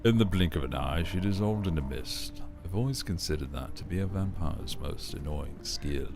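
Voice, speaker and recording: A man voicing a suave, sly male wanderer with a put-on English-style voice, deep vocal fry and a dry, politely menacing manner. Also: moderate pace, over music. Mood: sardonic.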